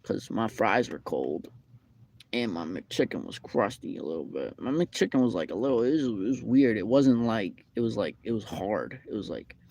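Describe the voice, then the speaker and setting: Rambling young man with a gravelly voice. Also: on the low side, lively intonation, moderate pace, darkish tone, slight background noise. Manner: rambling, repetitive storytelling with many fillers. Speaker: streamer. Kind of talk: casual live-stream chat. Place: McDonald's restaurant.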